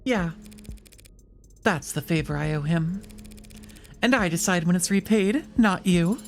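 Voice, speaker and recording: A woman reading a sardonic, low-voiced woman lawyer. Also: lively intonation, unhurried, darkish tone, faint music behind. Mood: firm. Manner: dry, sardonic and self-assured. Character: cynical, sharp-tongued woman lawyer with a dark streak. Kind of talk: live reading of a visual novel.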